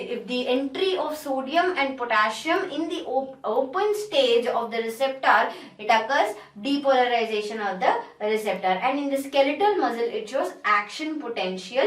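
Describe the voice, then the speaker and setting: A woman with an Indian English accent giving a pharmacology lecture, explaining step by step and often restating her points. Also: on the high side. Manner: explanatory, repeats and restates herself. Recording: echoey room, distant mic.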